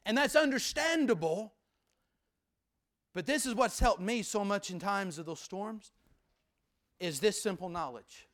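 A man preaching a sermon as pastor, with rhythmic repetition and sudden drops from loud to hushed. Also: high-pitched, expressive, measured pace, pauses often.

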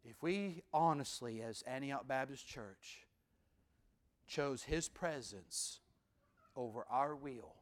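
A man preaching a sermon as pastor, with rhythmic repetition and sudden drops from loud to hushed. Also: medium pitch, takes it slowly.

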